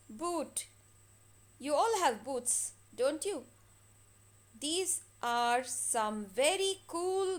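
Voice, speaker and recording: A woman teaching a phonics lesson to children, stretching and repeating each word slowly for practice. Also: sits high. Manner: slow, drawn-out words repeated for practice.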